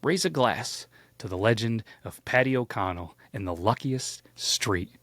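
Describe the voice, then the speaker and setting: A man's voice: on the low side, lively intonation, unhurried, a bit bright, no echo. Playful storytelling man, dry close sound. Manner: playful, jokey, with big swoops of emphasis. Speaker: host. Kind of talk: casual storytelling.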